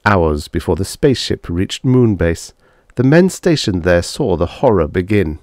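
A man reading a science fiction short story aloud in measured scripted narration. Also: deep voice, very animated, darkish tone, no room sound, clean studio sound. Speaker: audiobook narrator.

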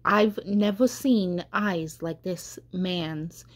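A woman's voice: on the low side, very slow. A woman voicing a proud young male tree, anxious and pleading as he wonders aloud in a storybook. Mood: troubled.

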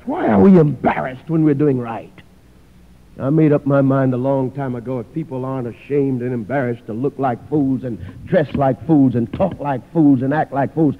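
A man preaching a sermon, telling a story dramatically and acting out the people in it. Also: mid-range voice. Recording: tinny phone-like sound with long hall reverb.

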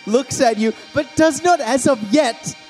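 A man game master narrating a live tabletop game in a dry, deadpan way. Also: extremely high pitch, a little slow, soft background music.

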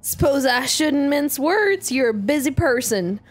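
A woman's voice: high-pitched, lively intonation. A woman voicing a menacing, sweet-talking Southern man with a put-on drawl, reading a visual novel villain aloud. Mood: syrupy menace. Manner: slow, syrupy, threatening.

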